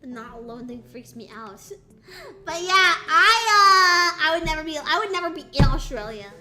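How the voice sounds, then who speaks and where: High, bright excitable young woman streamer. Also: fast talker, reverberant, faint music behind. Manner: excitable, exaggerated disbelief. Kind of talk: casual live-stream chat.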